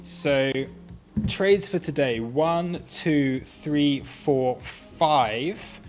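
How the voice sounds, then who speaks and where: A man's voice: a little high, lively intonation, extremely slow, a little mellow, faint music behind. A man hosting a live trading stream, talking casually and laughing at himself often. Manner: chatty, self-amused, laughs often. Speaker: livestream trading host.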